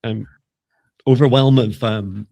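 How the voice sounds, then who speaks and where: A man leading a live spiritual energy healing, speaking in a soft, slow, meditative way with pauses. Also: mid-range voice, steady tone, gravelly, no echo. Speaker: psychic healer.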